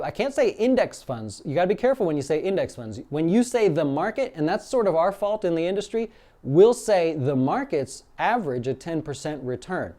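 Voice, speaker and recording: A man hosting a daily market update, talking casually and acting out quoted exchanges in an animated, fired-up way. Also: fairly high pitch. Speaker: financial advisor hosting a daily market show. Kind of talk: casual live-stream commentary.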